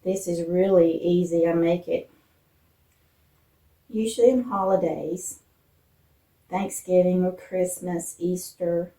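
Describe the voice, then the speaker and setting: A woman from Appalachia hosting a casual cooking vlog in her home kitchen, chatting homey with fillers, her voice a bit rough from morning. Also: fairly low pitch, steady tone, takes it slowly, pauses often, mellow. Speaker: vlog host. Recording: roomy echo, distant mic.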